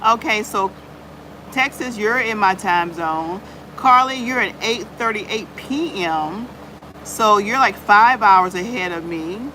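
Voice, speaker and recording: A woman's voice: medium pitch, slow pace, bright, forceful tone, slight background noise, poor audio. A woman hosting a casual live chat on her channel, greeting viewers by name and peppering her talk with "y'all". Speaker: livestream host.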